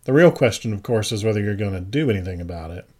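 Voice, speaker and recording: A man voicing a terse, deadpan vampire. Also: fairly low pitch, fast. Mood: guarded. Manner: dry, terse, understated. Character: guarded, laconic male vampire, deadpan and reserved.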